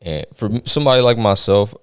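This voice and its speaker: A man's voice: on the low side, animated, fast talker, clean tone, dry recording, studio quality. A man chatting casually on a podcast, laid-back and dropping "man" and "you know" often. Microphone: podcast studio mic.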